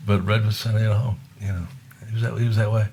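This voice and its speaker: Low-voiced older man telling stories. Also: level tone, quick pace, gravelly, warm tone, slight background noise. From Buffalo, New York, USA. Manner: rambling anecdotes, acting out quoted voices with laughs. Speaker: guest musician. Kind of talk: casual storytelling.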